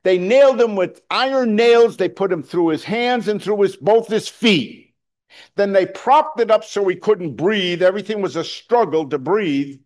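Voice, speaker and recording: A man's voice: high-pitched, moderate pace. Man preaching a conversational sermon. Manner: conversational preaching, rising to loud emphasis, with fillers and restarts. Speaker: pastor.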